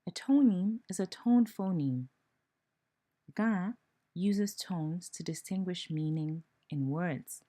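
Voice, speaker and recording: Ghanaian woman teacher, deep and unhurried, spells out each sound clearly. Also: mellow. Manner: slow, deliberate, spells out sounds. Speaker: language teacher. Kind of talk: slow, careful pronunciation lesson.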